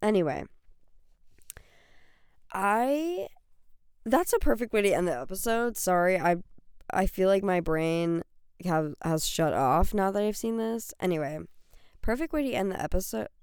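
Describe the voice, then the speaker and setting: A woman's voice: medium pitch, animated, a little slow, pauses often, darkish tone, clear, resonant tone, no room sound, clean studio sound. A young woman hosting a solo podcast, rambling and gushing with many fillers and self-corrections. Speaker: podcast host. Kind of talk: solo chatty podcast rant.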